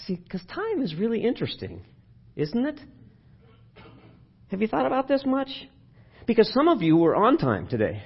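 A pastor delivers a sermon in a church sanctuary, his husky voice sitting a little high for a man. He keeps it conversational and keeps asking the congregation questions. The recording is dull and lo-fi. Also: huge pitch swings, fairly quick.

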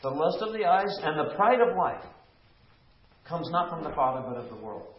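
A fairly high-voiced man teaches a Bible study with lively, swooping emphasis, often turning to his group with questions. The sound is lo-fi and dull, with plenty of room echo around him. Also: moderate pace. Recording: echoey room, lo-fi.

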